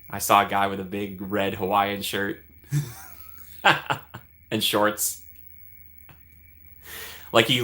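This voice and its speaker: Bright-voiced man chatting on a live stream. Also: lowish voice. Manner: chatty, laughs often, answers viewers by name. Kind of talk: casual live-stream chat.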